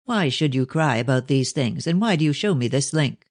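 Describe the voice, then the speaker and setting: A stern, cold elderly father, measured and severe, as a man voices him in an audiobook. The sound is close and dry. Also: mid-range voice, animated, no echo. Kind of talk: audiobook character reading.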